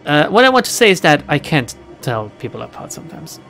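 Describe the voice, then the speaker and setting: A chatty streamer talks through a role-playing game in a casual, self-deprecating way. The voice swings freely up and down in pitch, with faint game music playing behind. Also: sing-song, a little fast, fairly bright tone. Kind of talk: casual let's-play commentary.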